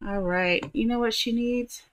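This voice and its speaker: A woman's voice: fairly high pitch, moderate pace, low-quality recording. A woman giving casual, chatty commentary while playing a life-simulation game, full of fillers and giggles. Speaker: gaming youtuber.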